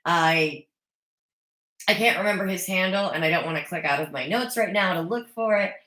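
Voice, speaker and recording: A woman's voice: lowish voice, moderate pace, fairly bright tone, roomy sound. A woman recapping a reality show in a casual, chatty way, opinionated with sarcastic asides. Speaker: recap vlogger. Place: home.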